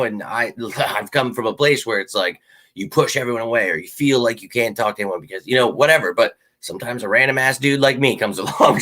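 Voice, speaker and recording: A man's voice: mid-range voice, bright, forceful tone. A man hosting a casual live fan Q&A from his home office, talking loosely, swearing casually and calling viewers man and dude. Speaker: sports show host.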